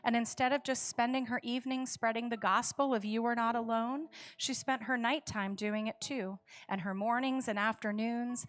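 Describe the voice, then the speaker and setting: Woman telling a sermon story. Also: on the high side. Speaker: worship service speaker.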